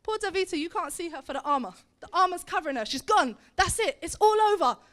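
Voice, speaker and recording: A woman leading a seminar tells a Bible story to a group, acting out the characters with put-on voices in an animated way. Her voice is very high, and she talks fast. The setting is a meeting hall or seminar room.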